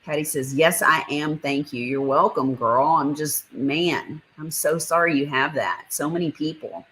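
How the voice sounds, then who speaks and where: A woman's voice: low voice, unhurried, fairly bright tone, a little hiss or hum, poor audio. A woman hosting a casual livestream, chatting and greeting viewers by name as she reads their comments. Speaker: livestream host. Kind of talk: casual live chat reading comments.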